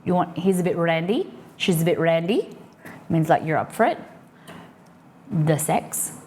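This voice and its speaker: An Australian woman, animated yet a little slow, hosts a livestream in a lowish, slightly mellow voice, with a touch of hiss or hum in the audio. She chats and rambles while explaining slang to viewers, using lots of "like."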